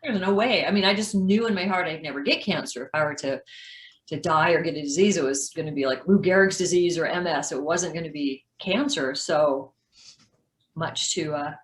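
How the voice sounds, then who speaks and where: Woman in her fifties, lowish voice, echoey room, video call. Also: normal speed. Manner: candid, animated storytelling with laughs. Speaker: guest speaker. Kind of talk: personal story on a video call.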